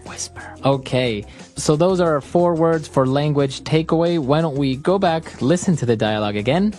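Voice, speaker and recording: A man co-hosting an English lesson podcast, steady and affirming as he explains words and grammar. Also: on the high side, moderate pace, soft background music. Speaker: co-host teacher.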